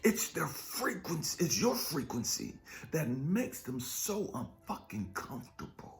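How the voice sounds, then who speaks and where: A man's voice: big pitch swings, measured pace. Fiery, wildly swinging male preacher. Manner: profane, confrontational, swinging between shouted rants and low muttering; repetitive rhetorical questions. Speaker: spiritual life coach. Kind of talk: impassioned motivational preaching monologue.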